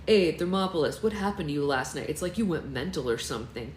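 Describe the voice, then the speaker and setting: A woman's voice: low voice, animated, fast, darkish tone, reverberant, slight background noise. Woman reading as a wry teenage boy. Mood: teasing.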